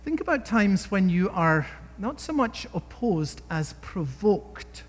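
A man's voice: high voice, sing-song, takes it slowly, in a large hall. A man preaching a sermon in an emphatic way, often asking his listeners rhetorical questions.

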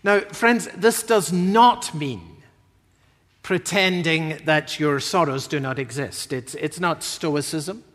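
Man preaching, high voice, unhurried measured delivery, emphatic rises, long hall reverb. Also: a bit bright. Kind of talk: sermon.

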